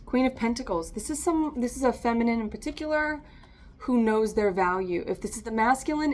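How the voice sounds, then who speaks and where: A woman's voice: mid-range voice, darkish tone. A woman giving a casual, chatty tarot reading to camera, encouraging and often laughing. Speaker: tarot reader.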